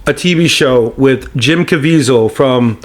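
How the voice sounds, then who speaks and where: A man, a guest actor on a podcast, telling anecdotes in a casual, animated way and leaning often on "you know". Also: medium pitch, a little slow.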